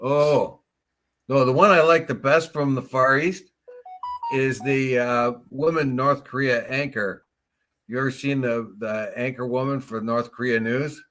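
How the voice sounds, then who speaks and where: A man's voice: mid-range voice, fairly even intonation, measured pace, fairly bright tone, faint music behind. A man co-hosting a casual morning talk show, joking around and repeating words as he talks.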